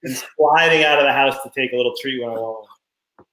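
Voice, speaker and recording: Animated storytelling dad in echoey room. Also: male voice, mid-range voice, fast. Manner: animated storyteller, laughs often. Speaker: podcast co-host. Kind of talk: casual chat.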